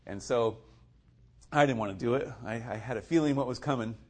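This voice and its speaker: A man recounts his personal faith testimony in a relaxed, conversational way. He laughs often, fills his speech with casual fillers and acts out other people's lines in lively voices. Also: mid-range voice, fairly quick. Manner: chuckles often, loose and conversational with many fillers.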